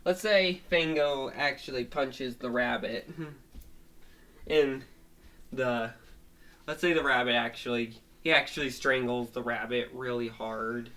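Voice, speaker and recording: A storyteller retelling a cartoon episode, halting with many restarts and fillers. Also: medium pitch, steady tone, fairly bright tone. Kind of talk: rambling spoken retelling.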